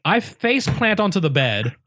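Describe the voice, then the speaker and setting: A man with a fairly high, animated voice telling his side of a story in starts and stops, restarting phrases and poking fun at himself. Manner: halting, repeats words, self-deprecating. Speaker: podcast co-host. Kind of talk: casual storytelling chat.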